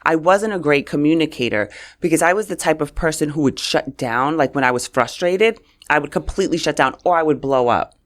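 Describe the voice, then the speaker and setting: Animated New York woman telling stories. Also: sits low, fairly quick, hardly any pauses. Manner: animated storyteller who acts out quotes. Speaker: guest communications coach. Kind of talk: casual interview chat.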